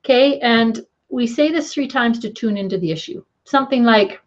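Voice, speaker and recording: A middle-aged woman coach guiding a tapping lesson in a gentle, encouraging way, often checking in with "okay". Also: fairly high pitch, normal speed, hardly any pauses, muffled recording.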